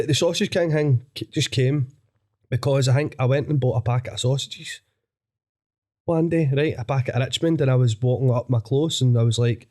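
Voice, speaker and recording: A man's voice: medium pitch, darkish tone. A young man with a Glaswegian accent, a guest comedian chatting casually on a podcast, sweary and rambling, laughing often. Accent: Scottish, Glaswegian.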